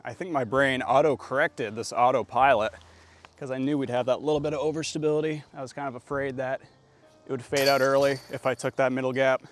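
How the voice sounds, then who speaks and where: A man's voice: medium pitch, a little fast, a little hiss or hum. Upbeat man narrating his rounds outdoors. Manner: chatty, upbeat, excitable on shots. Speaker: disc golf YouTuber. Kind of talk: casual play-by-play commentary. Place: outdoor disc golf course.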